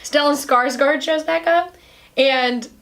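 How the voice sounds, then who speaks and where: A woman's voice: high voice, slow, fairly bright tone. A woman hosting a podcast, chatting casually and animatedly as she retells a film, full of "like"s and acted-out quotes. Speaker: podcast host. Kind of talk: casual chat recapping a film.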